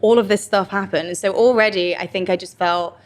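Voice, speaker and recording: A woman's voice: medium pitch, fairly quick. A young English woman, an actor guest, telling stories in a casual interview chat with lots of quoted asides. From England. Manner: chatty, animated storytelling with quoted asides.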